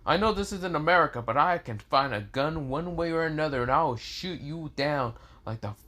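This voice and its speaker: A man's voice: fairly high pitch, animated, moderate pace, sharp tone, voice pushed up. A man voicing a sleepy, foul-mouthed teenage boy who is annoyed and threatening.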